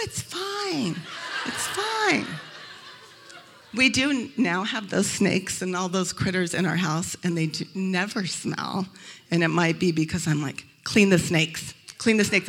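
A woman from Arizona giving a humorous faith talk to a live audience in a hotel event room. She tells lively stories and acts out the voices of the people in them. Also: mid-range voice, slight background noise. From Arizona, USA. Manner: lively storytelling, acting out quoted voices. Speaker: speaker at a Christian event.

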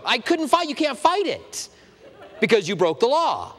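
Animated preacher man, high lively voice. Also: unhurried, husky, big-room sound. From Tucson, Arizona. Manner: animated storytelling, acts out dialogue. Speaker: pastor. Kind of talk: sermon.

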